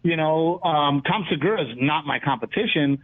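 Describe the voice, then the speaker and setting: A man, a comedian guest in a casual interview, telling lively stories and acting out what people said. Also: fairly high pitch, moderate pace. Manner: animated storyteller, acts out quotes. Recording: tinny phone-like line.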